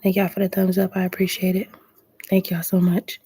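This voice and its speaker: A woman hosting a late-night live stream as a tarot reader, keeping her voice low and soft. Her pitch sits on the low side and barely moves, with a mellow, slightly husky tone. She chats in a relaxed, easygoing way, calling viewers by name. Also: fairly quick. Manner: laid-back, greets viewers by name.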